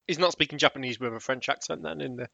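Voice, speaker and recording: A man's voice: medium pitch, quick pace, vocal fry, bright, forceful tone, no echo. Man, podcast co-host, rambling casual chat, laughs often, dry close recording.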